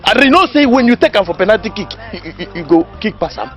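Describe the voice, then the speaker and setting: An actor playing a boastful, know-it-all village man who lectures his friend in Nigerian Pidgin, loud and laughing at his own jokes. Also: high voice, big pitch swings, fast, lo-fi sound, soft background music. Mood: lecturing. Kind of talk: comedy film acting.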